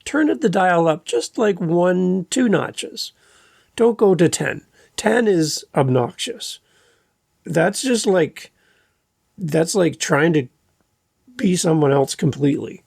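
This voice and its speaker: A man hosting a podcast in a relaxed, easygoing manner, his slightly high voice carrying a gravelly rasp. He talks at an unhurried pace into a close mic in a dry, dead-sounding space. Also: no room sound. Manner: relaxed, unhurried conversational delivery. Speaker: podcast host. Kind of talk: casual chat. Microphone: podcast microphone.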